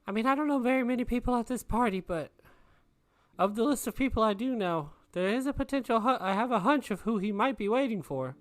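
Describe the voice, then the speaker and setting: Man doing a chirpy, high, fast-talking disguised guest for a tabletop game. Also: expressive, dry recording. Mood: eager. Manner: eager, quick, falsetto-high.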